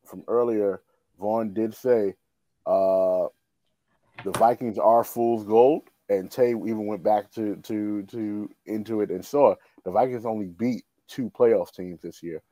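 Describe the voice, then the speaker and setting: A man co-hosting a casual sports chat, relaxed, chuckling, and full of fillers and restarts. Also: fairly low pitch, a little slow, no echo. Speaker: podcast co-host.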